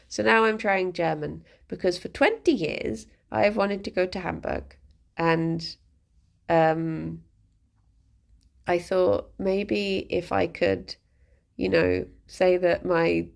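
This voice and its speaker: A woman's voice: fairly low pitch, vocal fry. A woman live streamer chatting casually with her viewers, rambling and self-deprecating, chuckling as she goes.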